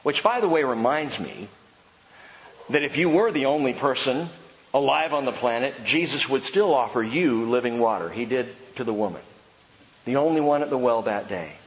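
A male pastor preaching a sermon with passion, swinging between loud emphasis and slow hushed lines. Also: medium pitch, lively intonation. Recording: dull sound with long church reverb.

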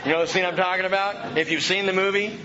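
A man preaching an expository sermon in an animated way, dropping to a hush and rising loud for emphasis. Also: high-pitched, quick pace, lo-fi sound, a crowd in the background.

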